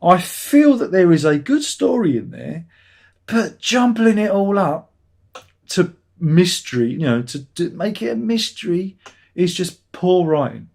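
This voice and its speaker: A man's voice: sits high, sing-song, gravelly, darkish tone. A man hosting a review livestream, chatting casually and reading out viewer comments with a sarcastic, easily angered manner. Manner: ranting, sarcastic, quick to anger.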